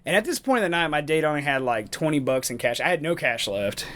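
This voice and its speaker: A man's voice: a little high, animated, fast talker, fairly bright tone, slight background noise. A man co-hosting a podcast, telling a rambling, profane story in casual chat and laughing often. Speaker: podcast co-host.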